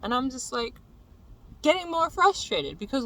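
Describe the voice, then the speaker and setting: A young adult vlogger telling a venting story in a profane, exasperated rant that builds into shouting. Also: high-pitched, very animated, normal speed, low-quality recording.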